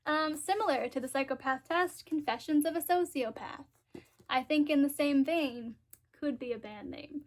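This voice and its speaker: Woman book vlogger, high voice, loose rambling chat with giggles, stuffy and congested. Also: moderate pace. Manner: rambling, giggly, thinks aloud with fillers. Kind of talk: casual chat.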